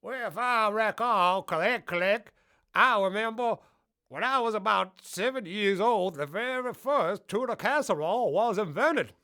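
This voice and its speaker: A man voicing a cranky, shrieking old-timer in a cartoon sketch, yelling shrilly. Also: sits high, expressive, unhurried, heavily acted. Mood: rambling.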